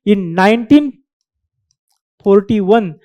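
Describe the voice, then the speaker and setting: A woman's voice: medium pitch, lively intonation, extremely slow, mellow. A woman giving an exam-prep lecture, repeating key terms and checking in with "right?" as she explains. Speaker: exam coaching teacher. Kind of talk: current affairs lecture.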